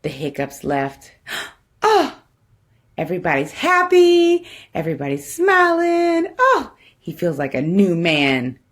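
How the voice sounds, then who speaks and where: A woman's voice: on the low side, huge pitch swings, measured pace, hardly any pauses. A woman reading a picture book aloud to children, with playful, chatty asides. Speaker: guest storybook reader.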